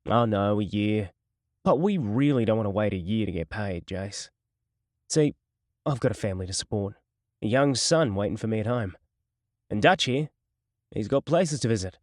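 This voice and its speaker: A man's voice: lowish voice, expressive, moderate pace, long pauses, no room sound, clean studio sound, lightly acted. Man voicing a sadistic taunting gangster. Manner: mocking, menacing, swings to shouting. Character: sadistic male gangster interrogator, taunting and cruel.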